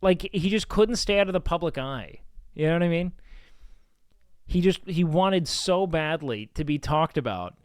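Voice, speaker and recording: A man's voice: on the high side, expressive, normal speed, smooth, no room sound. A young man chatting casually on a live stream, rambling and swearing with lots of fillers.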